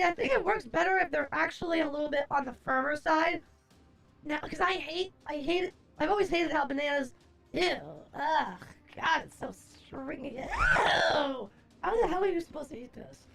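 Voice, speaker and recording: A woman's voice: sits high, vocal fry, a bit bright. A young adult woman streamer chatting casually on a live stream, rambling, exasperated and profane as she answers her chat.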